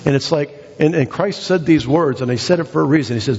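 A male pastor preaching a sermon in a church, building to excited, emphatic exhortations with repeated phrases. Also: a little high, quick pace, few pauses. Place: church sanctuary. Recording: dull sound with long hall reverb.

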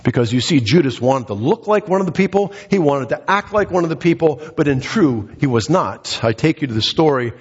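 A male pastor preaching a sermon, emphatic and repetitive, swinging his pitch up and down and short of breath. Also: lively intonation, fairly quick, hardly any pauses, husky, in a large hall, muffled recording. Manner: emphatic, repeats phrases, dramatic pitch swings. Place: church sanctuary.

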